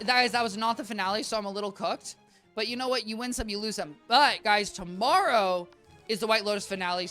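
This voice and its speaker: With a mid-range voice and a sharp tone, a game streamer rambles chattily to viewers while playing, calling the chat "guys," sounding a bit worn out.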